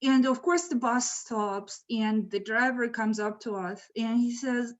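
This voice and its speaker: A woman telling a true story in a casual, animated way, laughing now and then, over a video call. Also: a little high, a little slow. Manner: lively, animated, laughs mid-sentence. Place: home, virtual event.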